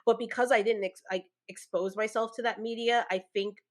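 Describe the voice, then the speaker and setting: A woman's voice: fairly high pitch, a little fast. Rambling young woman podcast host. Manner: rambling, animated storytelling with filler words. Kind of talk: casual chat.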